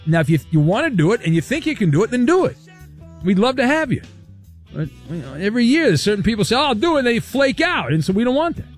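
Man, radio host, high-pitched, jokey, brisk, light music bed. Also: sing-song. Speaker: radio sports talk host. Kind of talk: casual radio show hosting.

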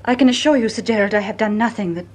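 Casting: attrice per una donna britannica elegante e guardinga, tono fermo e composto, radiodramma vintage. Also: female voice, medium pitch, racing, a little mellow, natural voice. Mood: icy, firm. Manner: crisp, composed, firm. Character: proud guarded female executive with a secret. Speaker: actress in radio drama. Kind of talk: vintage radio drama acting.

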